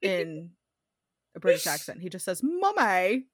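A woman and mother co-hosting a podcast, chatting casually, telling animated stories and swearing casually. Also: fairly low pitch, brisk, no room sound, clean studio sound. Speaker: podcast co-host. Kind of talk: casual chat about astrology.

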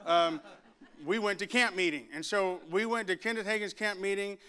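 A man preaching to a church congregation, praying and then telling stories with acted-out voices, building to loud shouts. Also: high voice, moderate pace, clear, resonant tone. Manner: animated storyteller, acts out voices, builds to shouts. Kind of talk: sermon with prayer and storytelling. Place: church sanctuary.

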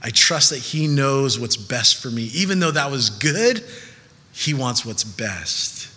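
Animated pastor in a reverberant hall. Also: male voice, medium pitch, slow. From Southern California. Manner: conversational, animated storytelling with laughs. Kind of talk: sermon. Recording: long reverb of a large hall.

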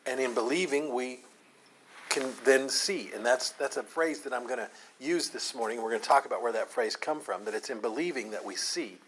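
A man's voice: medium pitch, fairly bright tone, a little hiss or hum, rough recording. A man preaching a Sunday morning sermon, teaching in an earnest way and leaning hard on the scripture he quotes. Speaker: pastor.

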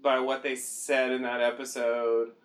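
A man's voice: medium pitch, level tone, measured pace. A man co-hosting a podcast, chatting casually and thinking aloud, often restarting his sentences. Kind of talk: casual chat.

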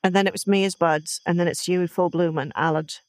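A woman's voice: lowish voice, steady tone, fairly quick, no room sound. A woman playing in a comedy podcast game, working things out aloud in a methodical way. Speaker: player.

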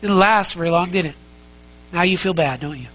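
A man's voice: sits high, a little fast, fairly bright tone, a little hiss or hum, low-quality recording. A man preaching a sermon as pastor, conversational and emphatic, asking the congregation many rhetorical questions and repeating key phrases.

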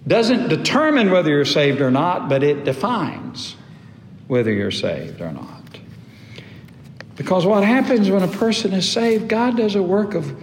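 A middle-aged male pastor preaching with a fairly high voice, punching single words and then dropping almost to a hush. The sermon is caught in a reverberant church sanctuary, with faint ambience beneath it. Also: a little hiss or hum. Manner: emphatic preaching with pauses and sudden drops. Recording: echoey hall, faint room ambience.

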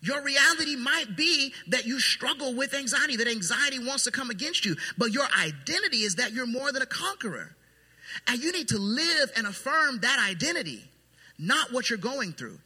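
A man preaching a sermon as pastor, emphatic and then quietly intense. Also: extremely high pitch, expressive, moderate pace, husky. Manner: emphatic preaching that drops to soft, hushed intensity. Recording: long hall reverb.

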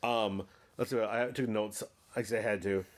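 A man's voice: fairly low pitch, steady tone, normal speed. A man co-hosting a casual movie podcast, rambling and swearing as he acts out lines from a film. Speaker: podcast co-host.

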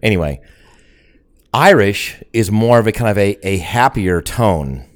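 A man co-hosting a podcast, rambling and halting in casual chat. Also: on the low side, animated. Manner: rambling, halting, restarts often. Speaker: podcast co-host.

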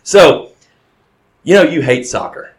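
A man's voice: medium pitch, animated, a little fast, fairly bright tone. Rambling man in an echoey room. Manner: rambling storyteller, laughs often, restarts. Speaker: podcast co-host. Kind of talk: casual chat.

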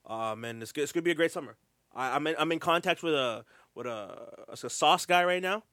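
A man's voice: on the high side, brisk, fairly bright tone, no room sound, studio quality. A man in casual, joking banter with friends, talking in slang and defending himself. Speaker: podcast co-host.

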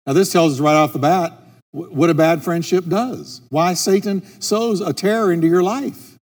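A man's voice: sits high, normal speed. A middle-aged man preaching a sermon as a pastor, driving his points home by repeating key phrases. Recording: long reverb with soft music.

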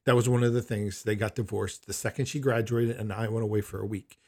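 A man's voice: on the low side, flat delivery, fairly quick, darkish tone. A middle-aged man telling a personal anecdote in an emphatic, incredulous way. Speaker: storyteller.

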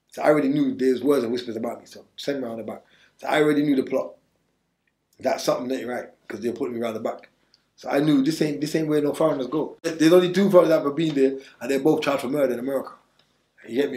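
A man tells his story at a rapid clip, his voice sitting in the middle range. He leans on street slang and circles back to the same points with urgency. The room around him is echoey. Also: mid-range voice, darkish tone. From England. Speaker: interview guest. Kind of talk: candid storytelling.

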